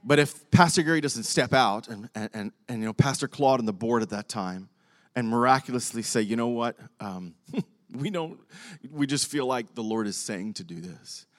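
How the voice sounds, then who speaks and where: An older male pastor preaches to his congregation in a mid-pitched voice. He tells a personal story with animation and acts out each side of a conversation. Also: normal speed. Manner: animated storytelling, acting out both sides of a conversation with laughs. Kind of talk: sermon.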